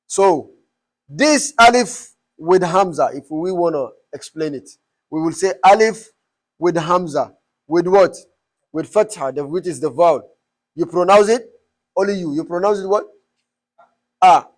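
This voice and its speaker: A man teaching a class, explaining step by step and quizzing students with repeated questions. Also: sits high. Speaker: Arabic teacher.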